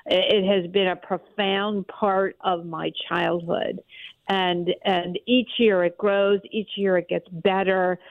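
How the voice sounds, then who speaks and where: A woman's voice: medium pitch, vocal fry, dry recording. Enthusiastic woman on a tinny phone line. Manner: enthusiastic, emphatic storyteller. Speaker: newspaper columnist, guest. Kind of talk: casual interview.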